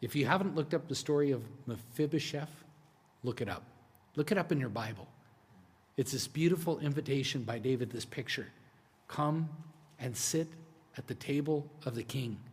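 Man, pastor, sermon, conversational preaching, hushed to emphatic, long hall reverb, church sanctuary. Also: mid-range voice, moderate pace, long pauses, slightly rough.

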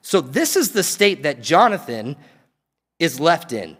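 A man preaching a sermon, retelling a story in a loose, conversational way with quick asides. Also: a little high, big pitch swings, fairly bright tone, in a large hall.

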